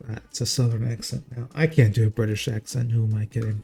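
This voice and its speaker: A man's voice: mid-range voice, steady tone, fast, vocal fry, hardly any pauses, warm tone, breathy edge, faint music behind. A man casting a strategy game live in a casual, jokey, chatty way. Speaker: game caster.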